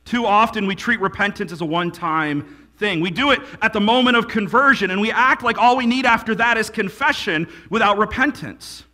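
A man preaching a sermon as a pastor, building to emphatic peaks and dropping to quiet lines. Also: high voice, a little fast.

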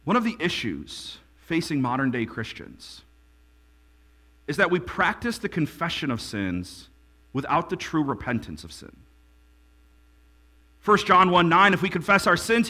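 A man preaching a sermon as a pastor, building to emphatic peaks and dropping to quiet lines. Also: high voice, very animated, moderate pace.

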